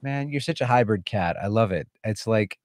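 An enthusiastic man hosts a casual live stream, heaping praise on his guest. His voice sits at an ordinary pitch. The sound is dry and close, with little room to it. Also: animated, normal speed, darkish tone, no room sound. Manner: enthusiastic, effusive. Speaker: host.

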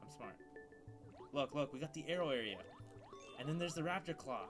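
A young man casually chatting and joking while playing a co-op video game, swearing a lot and breaking into loud excited shouts. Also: a little high, fairly quick. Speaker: co-op gameplay commentator. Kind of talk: casual gaming chat. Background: game music.

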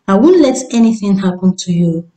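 A woman's voice: mid-range voice, expressive, fairly quick, dark tone, echoey room, natural voice, poor audio. A woman voicing a devoted young husband who speaks soothingly and coaxingly.

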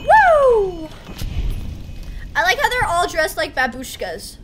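Woman, gaming commentary, high voice, very lively, excitable, chatty to herself. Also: normal speed, faint music behind. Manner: excitable, talks to herself, yelps. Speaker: gaming streamer. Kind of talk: casual gameplay commentary.

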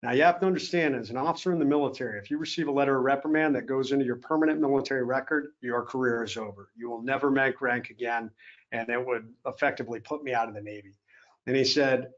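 A man's voice: mid-range voice, quick pace. Earnest man telling a story. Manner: earnest, acts out quoted officers. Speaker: keynote speaker. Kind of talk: motivational storytelling talk. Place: event hall. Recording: slightly dull lo-fi sound.

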